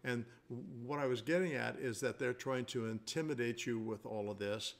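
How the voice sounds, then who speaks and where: A man's voice: mid-range voice, moderate pace, gravelly. An older man, a basketball coach, chatting casually as a show co-host and telling long stories while he searches for words. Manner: rambling storyteller, searches for words. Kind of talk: casual podcast chat.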